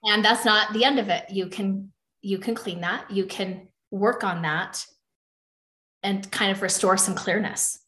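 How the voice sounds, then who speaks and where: A woman's voice: mid-range voice, fairly even intonation, measured pace, fairly bright tone, reverberant. A woman hosting a conversation, responding in an affirming, reflective way. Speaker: podcast host. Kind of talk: conversational interview.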